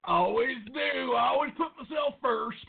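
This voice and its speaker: A man's voice: very high-pitched, expressive, moderate pace, creaky, a little hiss or hum, exaggerated voice. A man voicing a crude, teasing stoner puppet that ribs its co-host in mocking banter. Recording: tinny lo-fi podcast audio.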